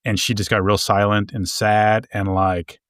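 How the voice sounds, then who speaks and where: A man's voice: on the low side, little pitch movement, a little slow, fairly bright tone, no room sound, studio quality. A man co-hosting a podcast, telling a story about himself candidly and self-deprecatingly. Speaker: podcast co-host. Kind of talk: casual conversational podcast.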